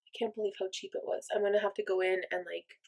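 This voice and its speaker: A woman's voice: mid-range voice, steady tone, quick pace, gravelly, a little mellow, husky. A woman chatting casually through a makeup tutorial, thinking aloud and joking at her own expense. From mostly German, part Irish and Norwegian descent. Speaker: makeup vlogger.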